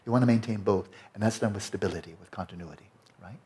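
A man teaching a meditation retreat in a relaxed, conversational way, often checking in with his listeners. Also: on the low side, fast. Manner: conversational, frequent "you know" and "right?".

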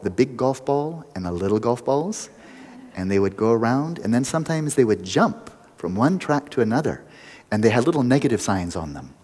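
Male meditation teacher, low and breathy-husky, storytelling, teases his students. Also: a little mellow, in a large hall. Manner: playful, teasing, laughs often. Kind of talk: retreat lecture with storytelling.

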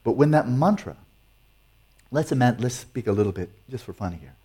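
Husky, mellow-voiced man teaching playfully. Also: mid-range voice, animated, normal speed. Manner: playful, teasing, chuckles often. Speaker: meditation teacher. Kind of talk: teaching with audience questions.

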